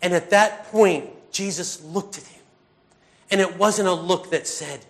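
A man's voice: sits high, a little slow, a bit bright. A middle-aged man preaching a sermon in a conversational, earnest way, full of fillers and sighs.

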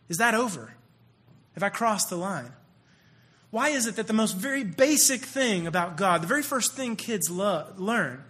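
A man preaching a sermon in a loose, conversational way, lively and animated as he talks. His voice sits high for a man and has a bright, forward tone. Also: a little fast. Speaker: pastor.

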